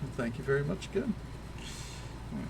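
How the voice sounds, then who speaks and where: A Tennessee streamer with a light Southern drawl chats easily with viewers as he games, rambling and filling space with lots of fillers. His mid-range voice is sing-song, fairly quick and creaky, with background noise behind it.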